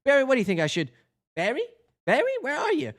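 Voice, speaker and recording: A man voicing an anxious young male bee, calling out in a high, fretful way. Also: wildly swooping pitch, fast talker, heavily acted. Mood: worried.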